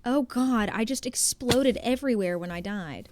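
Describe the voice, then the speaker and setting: A young woman chatting casually while streaming a game, talking to her viewers in an animated, chatty way. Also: on the high side, normal speed, background noise. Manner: chatty and animated, talks to chat. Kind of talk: casual gameplay commentary.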